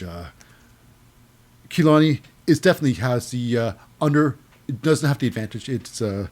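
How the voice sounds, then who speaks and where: Rambling man recapping wrestling shows. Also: mid-range voice. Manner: rambling, many fillers and restarts; acts out quotes in a raised voice. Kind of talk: casual wrestling show recap.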